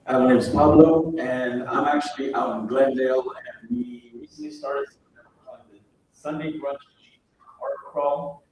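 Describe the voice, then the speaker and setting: A man promoting a local art crawl with a rushed, eager announcement. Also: mid-range voice, very animated, darkish tone, far from the mic, slight background noise. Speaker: art event organizer. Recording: echoey room, speaker away from the mic.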